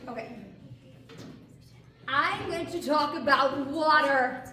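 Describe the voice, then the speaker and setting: A woman coach talks to a room of kids in a bright, high voice, upbeat and full of questions for the audience. The mic is far from her, so her voice sounds distant. The room is very echoey, and steady noise runs under her words. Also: slow pace. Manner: animated and encouraging, asks the audience questions. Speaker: theater and vocal coach. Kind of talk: talk to a group of kids.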